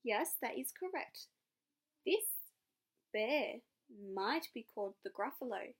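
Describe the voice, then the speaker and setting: A woman's voice: on the high side, big pitch swings, slow, husky. A young woman teacher reading a picture book aloud to children, asking the class encouraging questions. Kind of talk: read-aloud lesson for children.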